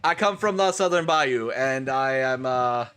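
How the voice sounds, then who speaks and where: A man's voice: mid-range voice, expressive, a little slow, fairly bright tone, a little hiss or hum. A man voicing a finely dressed male gator traveler with a shaky attempt at a Cajun accent. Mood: cheerful.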